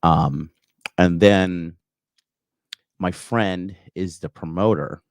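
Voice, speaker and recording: A very low-voiced man in his thirties hosts a call-in livestream, chatting in a loose, rambling way. He swears often and fills his talk with "like" and "you know." The sound is close and dry, with almost no room echo. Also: fairly even intonation, very slow. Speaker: call-in show host. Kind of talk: casual livestream chat reading viewer comments.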